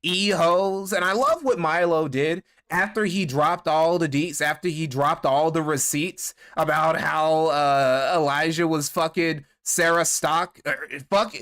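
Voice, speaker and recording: A man's voice: a little high, a little slow, hardly any pauses, fairly bright tone. A man streaming commentary, swearing freely, mocking his targets and thanking donors. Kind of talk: casual live-stream commentary.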